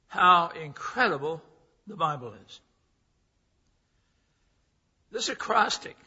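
A male pastor preaching a sermon in a church sanctuary, speaking slowly with a slightly raised pitch. His voice is gravelly and husky, and he teaches by posing questions and answering them himself. The recording sounds dull, with a long hall reverb. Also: bright, forceful tone.

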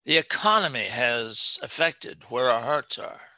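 A man preaching a sermon, reading scripture with slow, emphatic stress and talking to his congregation. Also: medium pitch, lively intonation, sharp tone, no room sound.

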